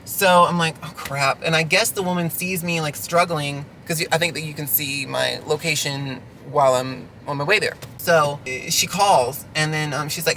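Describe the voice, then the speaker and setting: A man's voice: a little high, normal speed, few pauses, sharp tone, slight background noise. A delivery driver venting through a ranting storytime vlog from his car, sarcastic and exasperated.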